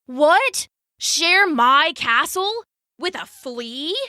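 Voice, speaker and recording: A woman's voice: sits high, animated, very slow, pushed and bright, dry recording, clean studio sound, pitched above the performer's own voice, full character voice. A woman voicing a grumpy, imperious male fly who rules a tiny castle, scoffing at visitors. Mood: haughty grumpy.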